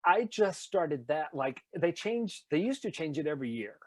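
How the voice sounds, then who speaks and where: A man with a fairly high voice tells stories in an animated way during a casual interview, often slipping into playful announcer voices. He is from Nashville and works as a voice actor and singer. The recording is close and dry, with no room echo. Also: normal speed. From Nashville, USA. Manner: animated, slips into announcer voices and laughs while telling stories.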